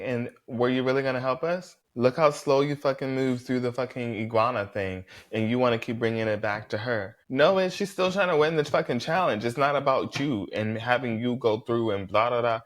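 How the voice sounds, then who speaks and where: A man casually recapping a reality show episode, blunt and profane, with lots of "like" fillers and animated reactions. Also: medium pitch.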